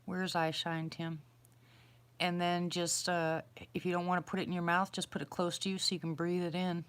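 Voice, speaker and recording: A middle-aged woman with a slightly low voice chats loosely on a live stream, outdoors at night. She rambles and restarts as she answers her viewers one by one, in a plain, homey way. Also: little pitch movement, normal speed, smooth. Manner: rambling, chatty, answers chat questions aloud. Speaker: livestream host answering viewers. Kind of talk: casual live-stream chat.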